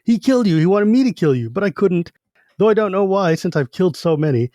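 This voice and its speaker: A man's voice: high-pitched, sing-song, quick pace, warm tone, no echo, clean studio sound, voice pushed up. A man voicing a tormented old male elf king, haunted and broken, speaking in an anguished, pleading way.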